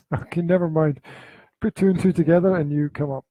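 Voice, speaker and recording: A man hosting a casual podcast from his flat, joking, teasing and laughing often. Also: fairly high pitch, moderate pace, no room sound, low-quality recording. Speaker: podcast host. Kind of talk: casual chat. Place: home flat.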